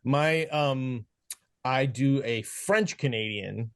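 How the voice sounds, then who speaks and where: A man's voice: mid-range voice, slow, clear, resonant tone, dry recording, clean studio sound. A middle-aged man co-hosting a movie podcast, speaking hesitantly with many uhs and ums. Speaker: podcast co-host. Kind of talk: casual chat about movies.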